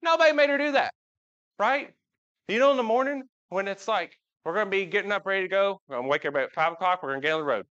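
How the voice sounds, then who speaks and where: Speaking very fast and animatedly, this preacher has a high, smooth, fairly bright voice, heard through lo-fi sound. In a church sanctuary he gives a casual, folksy sermon, often chatting with the congregation and asking them questions.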